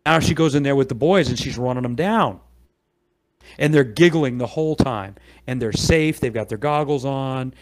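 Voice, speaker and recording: A man's voice: mid-range voice, moderate pace. A middle-aged man, a podcast guest, telling a long story in casual chat and acting out the people in it with quoted voices.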